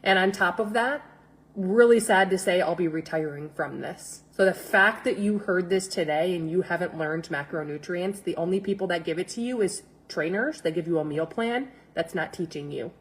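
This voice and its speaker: A middle-aged woman fitness coach making an energetic, pushy sales pitch on a live stream, repeating instructions and calling out viewers by name. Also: moderate pace.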